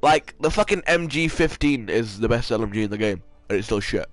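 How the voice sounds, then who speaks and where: A man's voice: mid-range voice, animated, fairly quick, no echo. A man with a cold, ranting and swearing as he plays a shooter game over a headset. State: has a cold. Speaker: gamer. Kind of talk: angry gameplay commentary.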